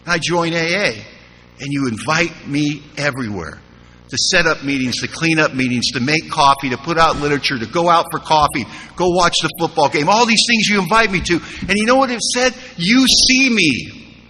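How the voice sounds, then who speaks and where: A man telling his personal recovery story to a live audience, humorous and animated, with quoted dialogue. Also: fairly high pitch, brisk, slight background noise. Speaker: recovery meeting speaker. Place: large conference hall. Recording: live hall recording with reverb.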